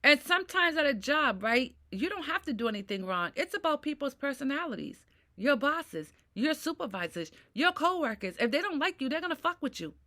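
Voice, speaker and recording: A woman's voice: high voice, big pitch swings, brisk, bright, forceful tone. A middle-aged woman vlogging in a ranting monologue who swears and keeps asking "right?". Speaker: mental health vlogger. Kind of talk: personal venting monologue.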